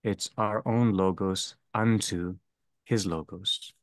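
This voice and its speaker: A man leading a theology seminar, speaking slowly and deliberately and restating each phrase. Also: deep voice, steady tone, no echo. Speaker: seminar leader. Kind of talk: theology lecture.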